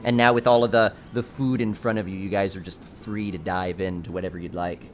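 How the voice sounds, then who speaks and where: A man narrating a tabletop game as game master, in a playful, lively way. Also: deep voice, a little fast, a little hiss or hum.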